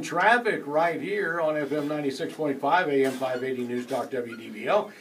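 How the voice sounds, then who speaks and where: A man co-hosting a radio show, reading out phone numbers and station IDs in a brisk announcer delivery. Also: on the high side, a bit bright. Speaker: radio co-host. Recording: distant mic.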